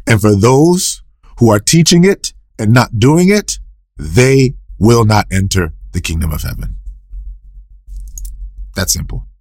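A slow-speaking preacher with lively intonation and long pauses is heard in a dry, clean studio recording made for a podcast. In his sermon he asks his own questions and answers them, repeats scripture, and pushes his pitch and volume up sharply for emphasis.

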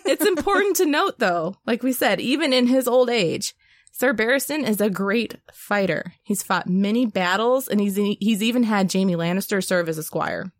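A slightly tipsy woman co-hosting a casual chat podcast, animated, laughing and swearing freely. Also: mid-range voice, a little slow, no room sound. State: a little tipsy. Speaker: podcast co-host.

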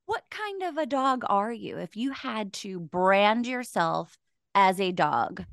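A woman's voice: mid-range voice, expressive, slow, fairly bright tone, dry recording. A giggly, teasing woman co-hosting a casual podcast chat. Her voice rises and falls animatedly, and the sound is dry and close to the mic. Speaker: podcast co-host.

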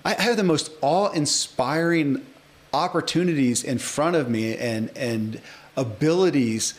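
A man in his forties with a slightly high voice hosts a podcast interview at a measured pace. The chat is casual, and he speaks emphatically and ramblingly, often restarting his sentences.

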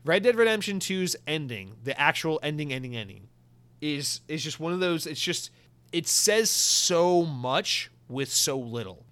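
Guy hosting a solo podcast, kinda high voice, rambly and animated, lots of restarts. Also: measured pace, clear, resonant tone. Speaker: podcast host.

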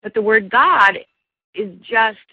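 Gravelly-voiced woman telling her story. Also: fairly high pitch, takes it slowly, no echo, phone-quality sound. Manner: earnest, animated, many restarts and fillers. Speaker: guest, life coach. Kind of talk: personal storytelling in an interview.

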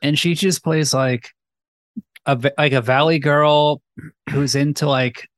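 A man's voice: a little high, fairly even intonation, unhurried, fairly bright tone, no echo. A young man co-hosting a casual movie review chat, rambling with lots of fillers and film references. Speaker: podcast co-host.

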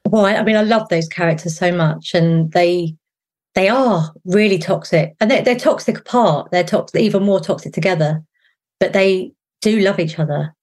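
Woman, South East London accent, middle-aged, lowish voice, chatty, full of restarts. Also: moderate pace. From England. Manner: chatty, animated, many fillers and restarts. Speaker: showrunner guest. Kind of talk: casual interview answers.

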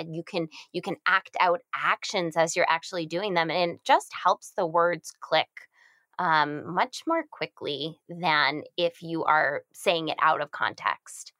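A woman in her thirties giving parenting advice in a casual chat, acting out simple baby talk with big leaps in pitch. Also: a bit bright, no echo.

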